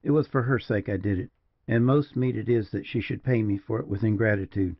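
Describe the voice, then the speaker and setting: A man voicing a grave frontier partisan major who speaks slowly and mournfully, in a dull, dry recording. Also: on the low side, no room sound. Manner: slow, mournful, measured.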